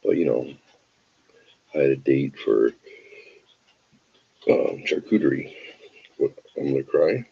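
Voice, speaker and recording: A man's voice: very deep voice, expressive, slow, vocal fry, pauses often, breathy edge, muffled recording. A tired man hosting a show, telling a rambling, wry, self-deprecating anecdote full of digressions. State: tired from an early start. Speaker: show host. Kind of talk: casual anecdote storytelling.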